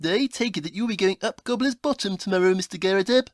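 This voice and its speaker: A woman's voice: mid-range voice, fast, no room sound, clean studio sound, natural voice. A woman voicing a prim, haughty male detective in a comedy audio play, with a formal, fussy, scolding manner.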